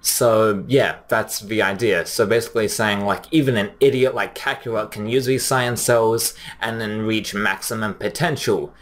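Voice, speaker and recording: A young man giving casual, chatty commentary, often pausing with fillers and restarting his sentences. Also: on the low side, a bit bright. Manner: chatty, frequent fillers, restarts, reads quotes plainly. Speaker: anime commentary host. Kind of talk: casual commentary comparing dub lines.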